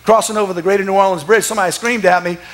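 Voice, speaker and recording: A man, a pastor telling stories in a sermon, animated and laughing, sometimes breaking into shouts. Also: high-pitched, rapid-fire. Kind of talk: sermon storytelling. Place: church.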